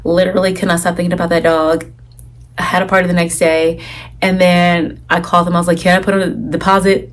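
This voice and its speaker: A young woman vlogging, telling a personal story in a chatty, animated way, full of "like" and acted-out quotes. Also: lowish voice, quick pace. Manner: chatty, animated retelling with lots of "like" and quoted dialogue. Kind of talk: casual storytelling to camera.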